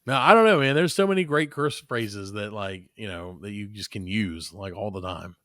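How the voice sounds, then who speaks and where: A man co-hosting a podcast in casual, animated chat, swearing freely and joking around. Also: on the low side, moderate pace, no echo, clean studio sound. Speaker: podcast co-host.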